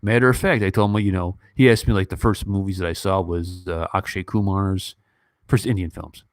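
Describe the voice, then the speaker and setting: A man's voice: deep voice, steady tone, fairly quick, no room sound. A man in his fifties chatting casually about movies on a livestream, rambling with lots of fillers and restarts, his nose stuffy from crying. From United States. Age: 50s. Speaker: YouTube movie reviewer.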